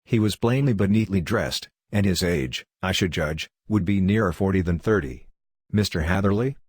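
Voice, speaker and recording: A man reading a classic story aloud as a first-person audiobook narration, in a measured way. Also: low voice, lively intonation, a little mellow, husky, no room sound, clean studio sound. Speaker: audiobook reader.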